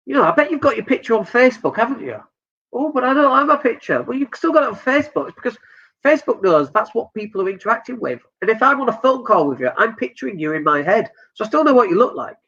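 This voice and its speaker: A man's voice: very high voice, a bit bright, muffled recording. A Northern English man giving blunt, joking business advice during a live stream. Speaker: business coach.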